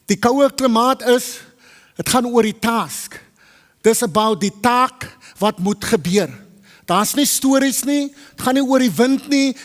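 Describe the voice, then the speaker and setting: High-voiced man preaching. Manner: lively, mixes English and Afrikaans, quizzes the audience. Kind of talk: teaching sermon to a congregation. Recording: long hall reverb.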